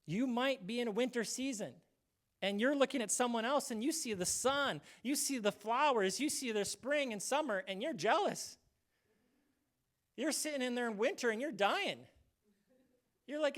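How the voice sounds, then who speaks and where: A man's voice: extremely high pitch, expressive, moderate pace, fairly bright tone. A male pastor giving a casual, conversational sermon, acting out short quoted voices now and then.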